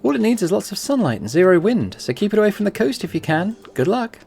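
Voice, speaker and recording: Man doing young game student, raised voice, upbeat, chatty, persuasive, lively. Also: high-pitched, fast, vocal fry, slight background noise, pitched above the performer's own voice, heavily acted. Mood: eager. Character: eager young plant-science student.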